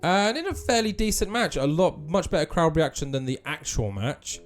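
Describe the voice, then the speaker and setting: A man's voice: fairly high pitch, sing-song, normal speed, faint music behind. Chatty man commenting on a game. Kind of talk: casual commentary.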